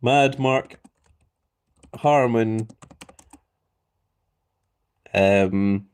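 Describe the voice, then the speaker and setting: Running a giveaway on his livestream, a man hams it up like a wrestling announcer and reads out messages from chat. He speaks in a lowish, clear, resonant voice, drawing out his words.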